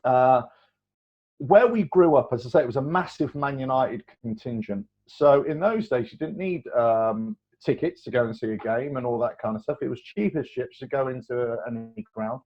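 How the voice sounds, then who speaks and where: A man, telling stories as a guest in a casual chat, animated and rambling, laughing often. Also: mid-range voice, normal speed. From England. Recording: dull lo-fi recording.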